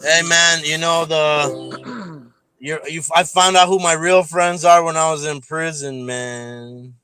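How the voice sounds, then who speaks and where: A man's voice: fairly high pitch, steady tone, takes it slowly, smooth, dry recording. A man talking casually as a guest, mumbling and tacking "man" onto his lines. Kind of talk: casual chat. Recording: loud background music.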